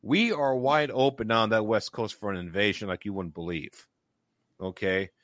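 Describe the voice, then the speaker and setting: A man's voice: fairly low pitch, normal speed, a bit bright, no echo. Emphatic man on a dry, close mic. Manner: emphatic, builds points with repeated "okay". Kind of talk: casual discussion.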